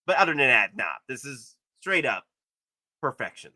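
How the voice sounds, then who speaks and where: A man hosting a live stream, commenting excitedly on collectible figures and gushing with repeated exclamations. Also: medium pitch, moderate pace, dry recording, clean studio sound. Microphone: streaming setup.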